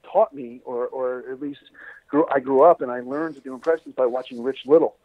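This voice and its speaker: A man's voice: mid-range voice, brisk, dry recording. Doctor guest calling in: rambling male storyteller, dry and tinny phone sound. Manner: rambling storyteller with many fillers and restarts. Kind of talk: casual interview over the phone.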